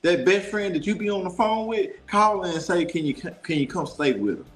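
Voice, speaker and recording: A man from Dallas, a talk show guest telling a story in an animated, preachy way. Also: high-pitched, fairly quick, reverberant, soft background music. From Dallas, Texas. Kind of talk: casual storytelling.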